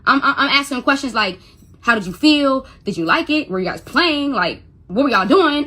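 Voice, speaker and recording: Bright, husky-voiced woman telling a personal story. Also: sits high, animated, moderate pace. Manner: stutters and repeats when upset, quotes others. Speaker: mother telling her story. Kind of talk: emotional first-person storytelling.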